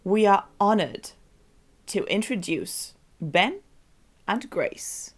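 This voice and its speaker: A woman's voice: medium pitch, lively intonation, slow. A woman co-hosting a casual home award show, upbeat as she announces the winners. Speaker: co-host.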